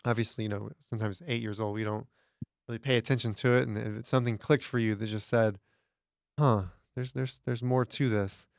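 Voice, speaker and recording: A male podcast host in a relaxed interview, talking with a gravelly yet smooth voice. He laughs easily and loops back to rephrase his questions. The sound is dry and close. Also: on the low side, a little fast, no echo. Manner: laughs often, restarts questions. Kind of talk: casual interview.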